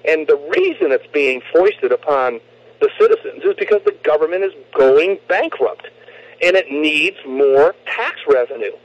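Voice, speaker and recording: A man with a fairly high voice argues politics on talk radio, pressing his points with emphasis. He stumbles and repeats words as he restarts. The sound is muffled and lo-fi, like an old radio broadcast.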